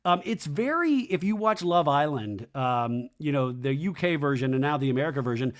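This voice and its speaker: A man's voice: fairly high pitch, expressive, moderate pace. A man hosting a podcast, recapping a reality show in a casual, sarcastic way and acting out the quotes in exaggerated voices. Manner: profane and sarcastic.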